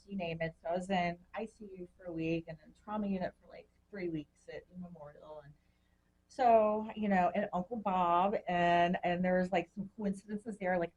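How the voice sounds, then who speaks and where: A woman guest on a recovery podcast, telling her story in a chatty, animated way and acting out the voices of people she quotes. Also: fairly low pitch, highs cut off, slight background noise. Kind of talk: personal storytelling.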